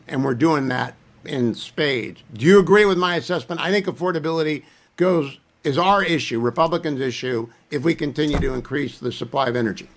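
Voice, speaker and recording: A man's voice: medium pitch, fairly bright tone. A man hosting a political talk radio show, emphatic and opinionated, firing off questions to his guests.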